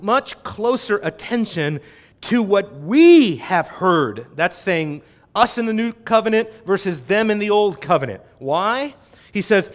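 Emphatic high-voiced male preacher. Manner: swings from quiet reflection to loud emphatic exhortation. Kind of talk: expository sermon.

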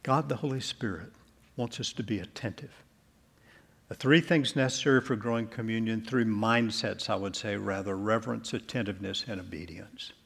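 A male pastor delivering an earnest sermon in a church, closing in soft prayer. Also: fairly low pitch, normal speed, gravelly, breathy edge.

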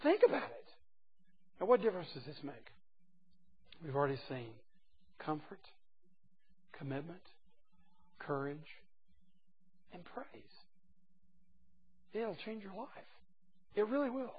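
A man preaching a sermon to a group of men, emphatic and folksy, dropping from loud exclamations to hushed asides. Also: high-pitched, animated, unhurried, pauses often, highs cut off, a little hiss or hum. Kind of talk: sermon to a men's gathering.

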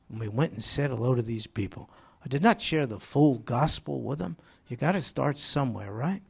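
A man's voice: mid-range voice, a little slow, creaky, slightly rough. A middle-aged man preaching a sermon as pastor, telling stories with humor and acting out quotes. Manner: animated storytelling with humor and acted quotes.

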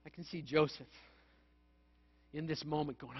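A man from Manitoba, Canada, preaches in a high voice. His sermon runs like a chat, full of stories and jokes at his own expense. The recording sounds dull and lo-fi. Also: steady tone, normal speed, gravelly, long pauses, husky. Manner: conversational, storytelling, self-mocking humor. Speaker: pastor.

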